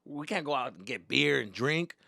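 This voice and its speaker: A young man doing stand-up, telling a story in animated, profane bursts with Spanish slang mixed in. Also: mid-range voice, normal speed, vocal fry, no room sound, clean studio sound. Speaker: stand-up comedian. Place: comedy stage.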